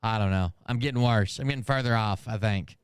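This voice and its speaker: A man's voice: on the low side, fairly quick, clean tone, dry recording, studio quality. A man hosting a commentary channel, talking casually and rambling, often losing track of names and swearing in asides. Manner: rambling and forgetful, loses names, profane asides.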